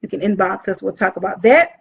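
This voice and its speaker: Excitable woman on a muffled live stream. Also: mid-range voice, brisk, gravelly, slightly rough. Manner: upbeat, excitable, chatty. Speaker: event planner hosting a live video. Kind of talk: casual live-stream talk. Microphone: phone or webcam live stream. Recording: dull lo-fi live-stream audio.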